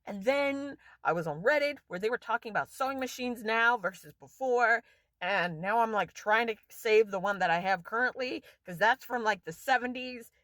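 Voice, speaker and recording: A woman's voice: a little high, normal speed, fairly bright tone, no room sound. A woman vlogger delivering an angry, profane rant straight to camera in a casual monologue.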